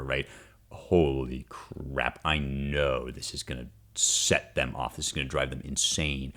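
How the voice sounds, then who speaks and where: A male podcast host teaching a classic poem in a casual, conversational way, often checking in with "right?" and giving wry asides. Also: very deep voice. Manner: wry and animated, reads passages aloud then unpacks them.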